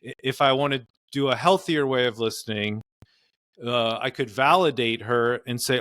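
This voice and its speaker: A man's voice: mid-range voice, moderate pace, a bit bright, dry recording, studio quality. A man, a marriage and family therapist, explaining in earnest conversational interview advice with frequent fillers. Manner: earnest, explanatory, many "you know" fillers.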